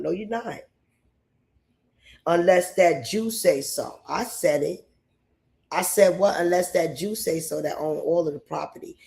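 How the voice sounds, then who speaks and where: High-voiced man ranting on a livestream. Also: a little slow, a little mellow. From New York State. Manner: rambling, repeats himself, emphatic asides. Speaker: livestream host. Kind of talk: opinionated livestream rant.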